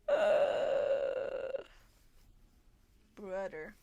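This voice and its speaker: A woman's voice: fairly high pitch, lively intonation, unhurried, pauses often. A young woman livestreamer chatting casually with her viewers, bubbly and giggly, often gasping and restarting her sentences.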